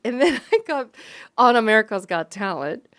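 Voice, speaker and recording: Lively woman guest telling stories, fairly high voice. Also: moderate pace. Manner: lively, laughing, acts out quoted voices. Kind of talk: animated storytelling chat.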